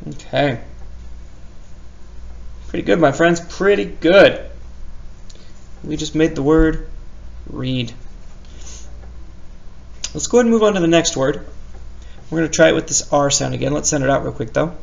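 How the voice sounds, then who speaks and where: A man teaching a spelling lesson at a very unhurried pace, stretching out each sound. His voice sits a little high and has a gravelly edge. He is playful and pokes fun at his own slips. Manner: slow, sounding out words with playful self-teasing.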